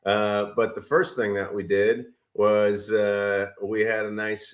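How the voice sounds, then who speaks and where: A middle-aged man with a fairly low voice talks in a loose, casual way. He keeps trailing off into fillers and restarts his sentences as he recounts things to a friend. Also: little pitch movement, slow pace. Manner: rambling, hesitant, many fillers and restarts. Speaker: podcast co-host. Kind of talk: casual chat.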